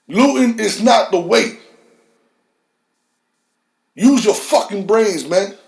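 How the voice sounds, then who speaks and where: A gravelly man with a fairly high voice hosts his own podcast in a bare, echoey room. He rants with heat and plenty of profanity. His voice drops low, then jumps up into shouts. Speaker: podcast host. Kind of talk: heated solo podcast rant.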